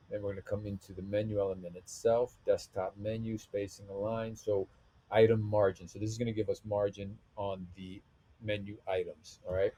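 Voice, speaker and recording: A man with a deep, slightly husky voice talks through a web design tutorial as he works on screen. He thinks aloud, pausing and restarting as he clicks through menus and settings. His tone stays dark and mellow throughout. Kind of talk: screen-recorded software tutorial.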